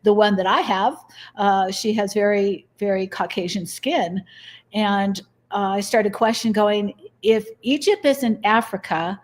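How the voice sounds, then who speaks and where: A woman's voice: mid-range voice, a little slow, a little mellow. A middle-aged woman as an interview guest, telling personal stories earnestly and acting out the dialogue. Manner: earnest, acts out quoted dialogue. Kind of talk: interview storytelling.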